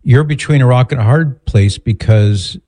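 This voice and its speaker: A man hosting a call-in radio show, speaking in a calm, measured, counseling way. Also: medium pitch.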